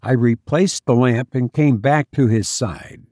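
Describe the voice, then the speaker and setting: A man narrating an audiobook in a measured storytelling manner, close to the mic. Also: medium pitch, dark tone, no room sound. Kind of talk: scripted narration.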